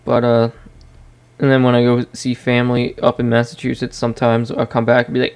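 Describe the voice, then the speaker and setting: A man's voice: mid-range voice, monotone, fairly quick, a little mellow, clean tone. A man hosting a gaming channel, rambling casually while he plays and reacting to the match. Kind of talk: casual gameplay commentary. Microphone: desk microphone.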